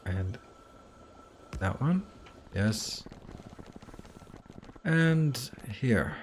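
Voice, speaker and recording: A man's voice: mid-range voice, expressive, very slow, a little hiss or hum. Man muttering through live gameplay. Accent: Danish. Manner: muttering to himself, exasperated outbursts. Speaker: game streamer.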